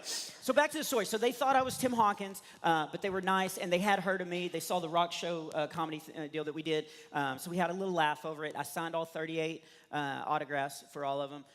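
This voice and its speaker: A man from Texas with a Texan accent, doing stand-up comedy, telling stories in an animated way and laughing at his own jokes. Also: fairly high pitch. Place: church stage. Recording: long hall reverb.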